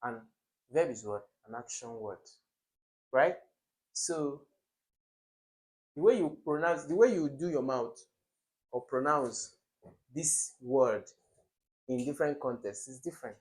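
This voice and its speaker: Lively man teaching an exam lesson. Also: mid-range voice, takes it slowly, pauses often, low-quality recording. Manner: lively, emphatic, quizzes viewers with rhetorical questions. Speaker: exam prep tutor. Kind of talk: classroom-style exam lesson.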